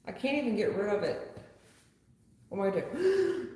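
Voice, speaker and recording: A woman's voice: mid-range voice, very animated, moderate pace, long pauses, warm tone. A woman hosting a live tarot stream, chatting casually in a blunt, rambling way with some swearing and frequent laughter. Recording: very echoey room with long reverb.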